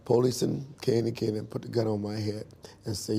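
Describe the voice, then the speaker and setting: A man in an interview, telling his life story in a lively storytelling way and acting out the dialogue. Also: lowish voice, a little fast, vocal fry, a little hiss or hum.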